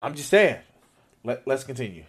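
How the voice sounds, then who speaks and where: A man's voice: medium pitch, sing-song, normal speed, a bit bright, husky. A man doing profane reaction commentary on a video, exasperated and sarcastic, swearing often.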